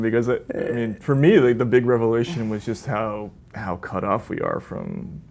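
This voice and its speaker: A man being interviewed about his book, talking in a halting way and repeating words as he searches for what to say. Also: mid-range voice, steady tone, a little mellow. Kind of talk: casual conversation.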